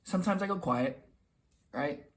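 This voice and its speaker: A man's voice: sits high, lively intonation. A young man giving casual motivational advice to camera, talking loosely and acting out little quoted exchanges. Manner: conversational, repeats himself, acts out quick quoted lines. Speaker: self-help video host.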